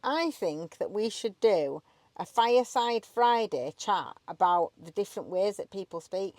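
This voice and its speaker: A woman's voice: medium pitch, animated, a little slow, a little mellow, dry recording. A woman from Batley with a West Yorkshire accent, chatting and teasing casually inside a campervan. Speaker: van life vlogger. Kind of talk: casual chat.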